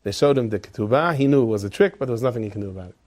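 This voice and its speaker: A man narrating a story in a lively, conversational way, with asides to his listeners. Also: medium pitch, rapid-fire.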